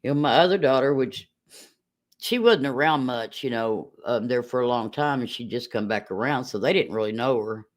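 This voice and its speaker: A woman's voice: extremely low pitch, normal speed. A middle-aged woman chatting casually with viewers on a livestream, telling stories and laughing often.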